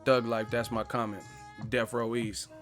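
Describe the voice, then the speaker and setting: A man hosting a boxing live stream who rants casually, swears freely and jokes a lot. His voice sits in a middle pitch. Faint music plays behind him. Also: flat delivery, measured pace, a bit bright. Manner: profane, joking, mocks stiff interviewers in put-on voices. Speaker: boxing channel host.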